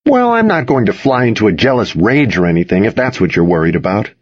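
Guy doing a smirky wisecracking teen boy, bouncy, kinda husky, dry muffled recording. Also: lowish voice, very animated, fast. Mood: wry teasing. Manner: smirking, needling delivery. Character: wisecracking teenage boy, sly best friend. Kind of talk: audiobook character voice.

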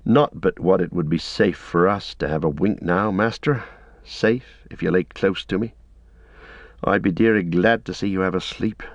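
Brief: a man playing a loyal, earnest hobbit servant, homely and a bit gruff, low voice, dry muffled audio. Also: normal speed, dry recording. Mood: tender. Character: loyal, plain-spoken young male servant hobbit. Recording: dull lo-fi recording.

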